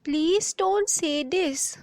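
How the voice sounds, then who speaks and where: Very high voice, slow pleading delivery, gentle little girl, woman voicing her, cartoon. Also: dry recording, exaggerated voice. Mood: tender.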